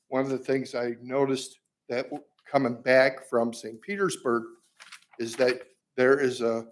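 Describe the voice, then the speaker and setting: A man stepping up to the podium mic in a council chamber to share an idea with the council. He rambles a little, doubling back on his sentences with a self-deprecating edge, and his pitch sits right in the middle range. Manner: rambling, self-deprecating, speaks in loose restarts. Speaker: resident speaking at public comment. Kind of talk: public comment at a council meeting. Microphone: podium microphone.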